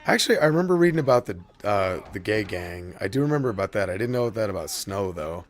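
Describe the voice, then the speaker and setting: A man's voice: fairly low pitch, animated, fast, a little hiss or hum. A man streaming a video game, chatting casually with viewers, profane and rambling but heartfelt. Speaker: gaming streamer. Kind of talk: casual stream chat while gaming.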